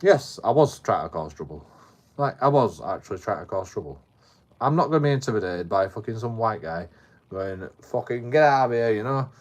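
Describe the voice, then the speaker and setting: A man's voice: lowish voice, expressive, a little fast. Yorkshire man swearing through a rambling story. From Bradford, England. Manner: rambling, heavy swearing, repeats words. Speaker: live streamer. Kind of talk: casual storytelling to a live chat.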